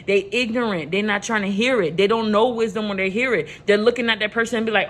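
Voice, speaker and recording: A woman from New York with a New York accent and a rough edge to her voice, talking emphatically to camera and repeating her points. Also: medium pitch, fairly quick. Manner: emphatic, repetitive, rises loud when passionate. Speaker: vlogger giving life advice. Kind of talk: passionate motivational talk to camera.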